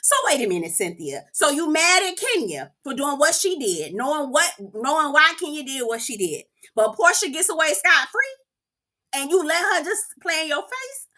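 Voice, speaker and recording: A woman with a bright, fairly high voice hosts her reality TV recap vlog. She is sassy and animated and asks her viewers what they think. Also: normal speed. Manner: sassy and animated, keeps calling the viewer "girl". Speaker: host of a reality TV review channel.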